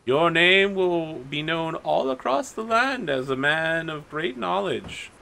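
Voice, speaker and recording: A man voicing a magical talking tree that sees the future but always lies, giving slow, grand flattering prophecies. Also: on the high side, creaky, background noise, voice pushed up, heavily acted. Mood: mock-flattering.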